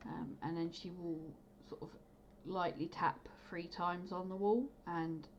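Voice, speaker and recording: Woman game master, lowish voice, lots of ums, dull mic w/ a bit of hiss. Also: fairly even intonation, unhurried. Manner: chatty, hesitant with many ums. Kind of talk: narrating a tabletop game. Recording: dull lo-fi mic with faint noise.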